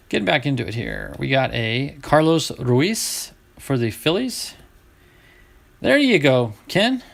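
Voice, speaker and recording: Gravelly man chatting through a card break. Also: medium pitch, fairly bright tone. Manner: chatty, talks to chat viewers while sorting cards. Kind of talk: casual live card-opening chat.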